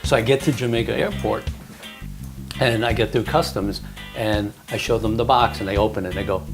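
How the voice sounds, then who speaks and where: A man spins a rambling comic anecdote in a loose, conversational way, laughing at his own lines and slipping into the voices of the people he meets. Guitar music plays clearly behind him the whole time. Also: fairly low pitch, brisk. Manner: animated, laughing storyteller, acts out voices. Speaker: comedian telling a story. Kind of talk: casual storytelling chat.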